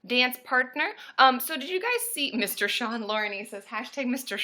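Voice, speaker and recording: This woman's voice is high-pitched and expressive, moving at a moderate pace. She's a therapist streaming live and casually from home, welcoming viewers by name and bursting into loud cheering.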